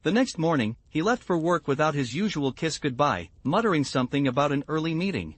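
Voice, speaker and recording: A man reading a scripted first-person story in an even, measured way. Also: a little high, no echo. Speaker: narrator.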